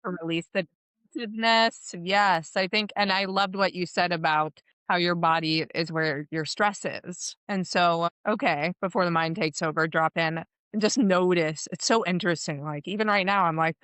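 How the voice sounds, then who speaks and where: A woman's voice: on the low side, normal speed, fairly bright tone, clean tone, no room sound. A woman hosting a podcast interview, asking curious questions and affirming her guest in casual chat. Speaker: podcast host.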